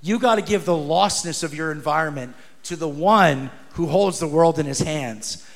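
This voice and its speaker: Male pastor, thirties, high voice, casual and energetic preaching with lots of slang and acted-out voices. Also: normal speed. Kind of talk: sermon.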